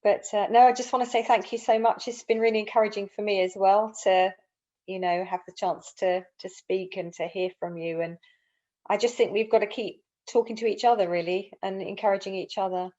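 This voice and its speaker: Woman co-organiser, warm and encouraging, muffled video-call sound. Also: mid-range voice, fairly even intonation, fairly quick. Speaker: co-organiser and guest speaker. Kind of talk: casual video-call chat. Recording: dull lo-fi video-call audio.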